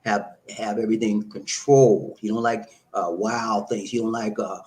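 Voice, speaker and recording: A middle-aged man hosting a live stream, giving relationship advice in a loose, animated, repetitive way and laughing often. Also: fairly low pitch, normal speed, a little hiss or hum. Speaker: host answering viewer comments.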